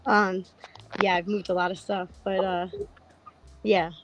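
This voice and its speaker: A middle-aged woman with a hoarse voice, candidly chatting about trading on a panel, laughing and swearing casually. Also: mid-range voice, little pitch movement, unhurried, a little hiss or hum, low-quality recording. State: lost her voice, tired.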